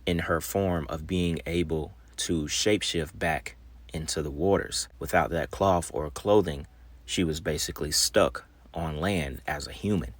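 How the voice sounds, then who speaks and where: A man's voice: low voice, no echo. A man hosting his channel, reading an article aloud and then commenting, his speech a little slurred after a dentist visit. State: just back from the dentist. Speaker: channel host.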